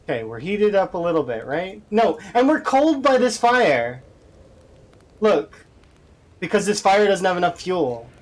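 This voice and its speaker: Male game streamer, slightly high voice, very lively pitch, frustrated self-talk commentary. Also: a little slow. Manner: exasperated, talks to himself while playing. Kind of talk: live gameplay commentary.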